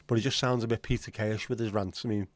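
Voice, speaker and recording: A man's voice: fairly low pitch, steady tone, fast, dry recording. A man, hosting a casual livestream chat with sweary, sardonic rants. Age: 50s. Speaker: livestream host.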